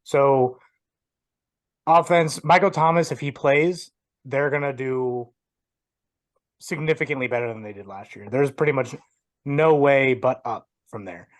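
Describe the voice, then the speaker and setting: A young man on a sports talk show who speaks in a confident, organized way, going through his points one by one. His middle-pitched voice is recorded dry and close, with no room echo. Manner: confident, listing points in order. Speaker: sports podcast co-host.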